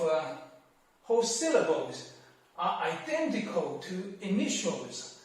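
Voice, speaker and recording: Slow, echoey man teaching. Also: high-pitched, distant mic. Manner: careful, deliberate, drawn-out syllables in demonstrations. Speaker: language teacher. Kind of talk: slow explanatory lesson. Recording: very echoey room, off-mic.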